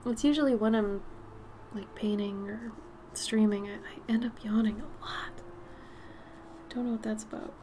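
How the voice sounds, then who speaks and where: A woman with a raspy, smoky voice chatting casually while she paints on a live stream, her nose a little stuffy. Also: a little high, fairly even intonation, moderate pace, long pauses, a little hiss or hum. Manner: chatty, drifts between topics, soft murmured asides.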